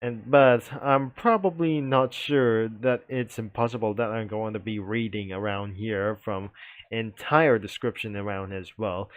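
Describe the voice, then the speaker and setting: A man's voice: on the low side, measured pace, no echo, phone-quality sound. A young man giving casual, rambling commentary on his own channel while browsing a website, with loose phrasing and many fillers. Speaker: YouTuber. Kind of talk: casual screen-recording commentary.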